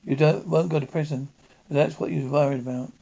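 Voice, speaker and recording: A man playing a calm, firm doctor who reasons with a killer in measured words. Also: a little high, vocal fry. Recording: dull lo-fi recording.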